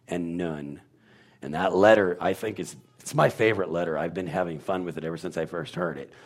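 A man in casual conversation explaining how letters should sound, demonstrating syllables and rambling between examples. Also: low voice. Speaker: guest explaining Hebrew pronunciation. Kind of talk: casual teaching talk.

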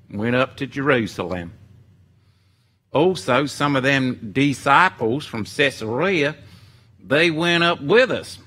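A man's voice: medium pitch, pushed and bright, full character voice. A man putting on a folksy Southern US accent to read scripture aloud in a playful, exaggerated drawl. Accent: put-on Southern US.

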